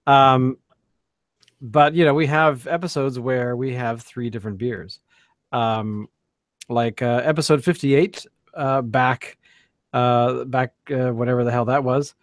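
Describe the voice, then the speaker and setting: A man's voice: mid-range voice, steady tone, a little slow, dry recording. A man co-hosting a casual beer podcast, rambling with many fillers and restarts. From Canada. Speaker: podcast co-host. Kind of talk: casual chat.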